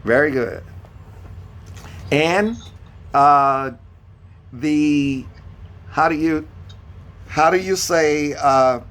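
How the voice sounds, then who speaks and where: A man's voice: a little high, drawn-out words, pauses often, fairly bright tone. A man teaching a beginner Spanish lesson over a video call, patiently repeating each question and spelling words out letter by letter. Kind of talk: online beginner language lesson.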